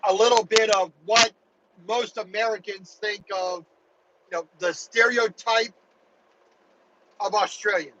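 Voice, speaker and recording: A man's voice: sits high, fairly even intonation, unhurried, long pauses, pushed and bright, highs cut off. A truck driver talking casually to his viewers while driving his truck, in a chatty, rambling way. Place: truck cab on the highway.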